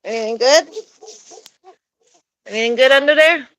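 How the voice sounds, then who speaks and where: A woman's voice: sits high, normal speed, a bit bright, no room sound, low-quality recording. A woman chatting casually while she coaxes her pets with sing-song calls in a backyard. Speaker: pet owner vlogger. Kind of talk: casual chat to camera and animals. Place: backyard outdoors with chickens.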